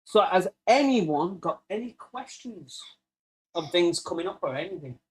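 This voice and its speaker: A man from the United Kingdom hosting a casual live podcast, joking and laughing, now and then breaking into silly high-pitched quoted voices. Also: animated, a little slow, husky. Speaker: podcast host.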